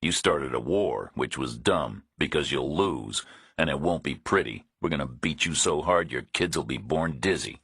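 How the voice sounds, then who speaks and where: A tough, blunt male hero speaks in a flat, matter-of-fact way, voiced by a male narrator. His voice is extremely deep and husky. The sound is dry and close-miked. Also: moderate pace, dry recording, full character voice. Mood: threatening. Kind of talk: audiobook character voice.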